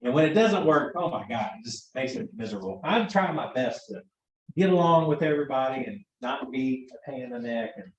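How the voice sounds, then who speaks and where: A man's voice: medium pitch, expressive, a little fast. Chatty male instructor in echoey room. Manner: chatty storyteller, acts out quoted dialogue. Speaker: EMT instructor. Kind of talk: classroom lecture with stories. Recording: echoey room, far from mic, dull sound.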